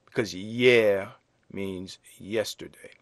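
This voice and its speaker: Slow, deliberate male French teacher. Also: lowish voice, a bit bright, no echo. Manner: slow, deliberate, spells out words letter by letter. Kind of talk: slow classroom explanation.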